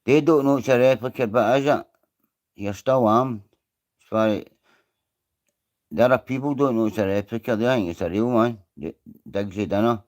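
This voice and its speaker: Speaking at a normal speed with frequent pauses, this Scottish livestream host has a medium-pitched, darkish voice. He keeps the stream casual, wandering from topic to topic, cursing openly and saying hello to viewers by name.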